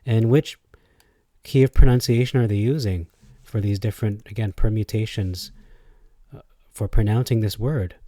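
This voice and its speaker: Guy talking thru a video explainer slow, kinda mellow, dry sound, lots of umms as he tests out sounds. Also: lowish voice, steady tone, no echo. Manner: thinks aloud, hesitant, trying out pronunciations. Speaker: video creator explaining biblical pronunciation. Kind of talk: casual spoken explainer.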